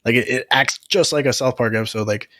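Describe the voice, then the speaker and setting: A man's voice: medium pitch, fast talker, fairly bright tone, no room sound, clean studio sound. A man co-hosting a podcast in casual chat, easygoing and agreeable as he tells a story. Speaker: podcast co-host.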